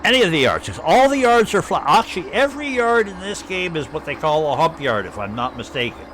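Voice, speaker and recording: A man's voice: fairly high pitch, animated, brisk. A man from Canada with an Ottawa Valley accent, rambling and chatting casually as he streams live gameplay commentary. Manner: rambling, chatty, thinking aloud.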